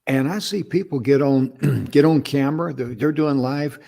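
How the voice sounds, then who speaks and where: Slow, careful older man from North Carolina. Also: medium pitch, vocal fry, mellow. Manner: slow, deliberate, carefully pronounced speech. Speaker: co-host. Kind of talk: casual advice chat.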